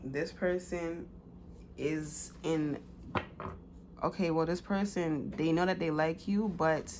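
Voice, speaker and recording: A woman's voice: low-pitched, steady tone, takes it slowly, pauses often, background noise. A woman giving a casual pick-a-card tarot reading, loose and slangy with many fillers.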